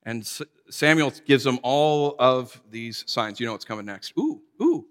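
A man in his thirties preaching a casual storytelling sermon as pastor, animated and acting out voices from his stories. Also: mid-range voice, normal speed, clean tone. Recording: long hall reverb.

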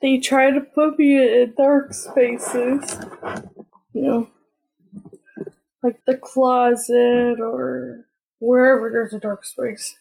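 Woman host for a casual story podcast: slow, earnest, plain sentences, high breathy voice. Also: a little mellow, low-quality recording.

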